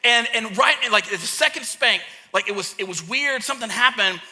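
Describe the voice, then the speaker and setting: A man who is a pastor and a parent, preaching a sermon and acting out a childhood story with lively energy. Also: extremely high pitch, brisk. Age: young adult to middle-aged, a parent. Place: church hall. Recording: long hall reverb.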